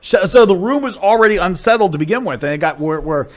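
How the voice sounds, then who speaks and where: A man from Ohio, a comedian, chatting casually on a podcast and telling stories with a lot of restarts and swearing. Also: quick pace. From Dublin, Ohio, USA. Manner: animated storyteller, voice jumps high and loud when acting out people. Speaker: comedian guest.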